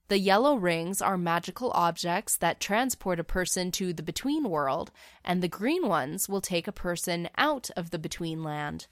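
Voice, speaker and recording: A woman's voice: lowish voice, no echo, studio quality. A woman casually narrating a fan story in a chatty, wry way, with the odd filler.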